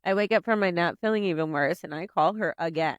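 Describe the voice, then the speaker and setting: A woman in her twenties, a podcast guest telling a story in casual chat, animated, swearing freely and saying "like" a lot. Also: on the low side, fast, no room sound, lo-fi sound. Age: 20s.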